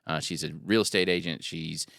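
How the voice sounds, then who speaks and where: Man, talk show host, very deep, gravelly, dry close sound, casual joking chat. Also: steady tone, brisk, a bit bright, dry recording. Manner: friendly, joking, rambling with fillers. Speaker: podcast host.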